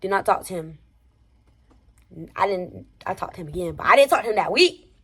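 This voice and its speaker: Young woman vlogger, casual slangy storytime, animated, loud-then-hushed delivery. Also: medium pitch, a little fast, husky. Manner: animated, slangy, swinging between loud exclamations and hushed asides. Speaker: vlogger telling a personal story. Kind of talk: storytime vlog.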